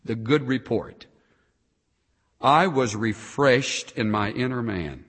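A man preaching a sermon, swinging between loud, emphatic passages and soft, quiet asides. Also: medium pitch, takes it slowly, long reverb tail.

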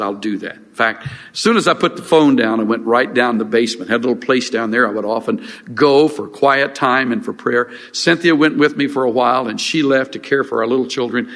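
Older man, pastor, earnest unhurried sermon with restarts, mid-pitched voice, long hall reverb. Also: creaky, fairly bright tone. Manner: earnest, halting with restarts and fillers.

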